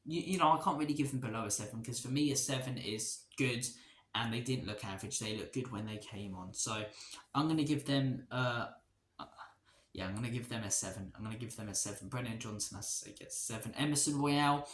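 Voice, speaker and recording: A man runs through his football player ratings in a casual, opinionated chat that wanders off track. His voice sits at an ordinary middle pitch. The room sounds roomy and echoey, with a faint background hiss. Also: fairly quick. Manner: chatty, opinionated, rambling. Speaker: football fan channel host.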